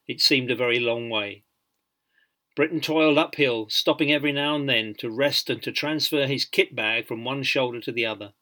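Man, audiobook narrator, measured, dry humor, bright voice. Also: mid-range voice.

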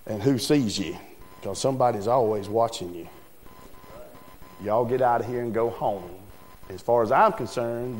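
A man voicing a calm, shrewd older small-town preacher, talking slowly and teasing gently, in an echoey hall with faint music. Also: medium pitch, voice pushed down, natural voice. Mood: gentle.

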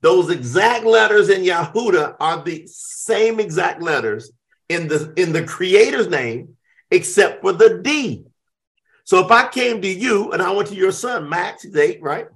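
A man's voice: high voice, a little slow. A middle-aged man in a casual discussion, explaining Hebrew names and acting out both sides of conversations as he tells stories. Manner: animated storytelling, acts out both sides of conversations.

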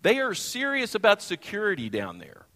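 A male pastor telling a funny personal story in a sermon, animated and self-deprecating. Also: high-pitched, normal speed. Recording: long hall reverb.

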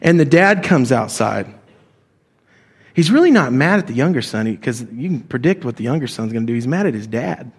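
A man's voice: medium pitch, expressive, a little fast, husky. A male pastor preaching a sermon in a conversational way, often asking the congregation direct questions.

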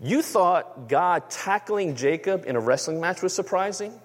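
Guy pastor giving a sermon, kinda high voice, chatty, keeps saying okay, long hall echo. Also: expressive, measured pace. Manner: conversational, asks the room for agreement.

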